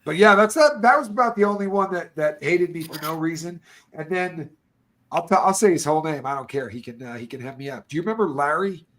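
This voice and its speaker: Middle-aged guy, kinda high voice, rambling profane stories, says dude and bro a lot. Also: fairly quick, fairly bright tone. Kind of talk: casual storytelling chat.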